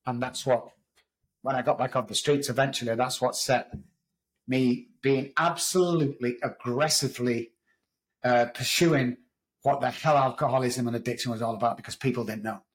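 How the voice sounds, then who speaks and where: Man, English accent, middle-aged, candid, blunt storytelling, medium pitch. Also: steady tone, moderate pace, rough recording. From England. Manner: candid, raw storytelling with swearing. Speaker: podcast guest. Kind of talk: storytelling interview.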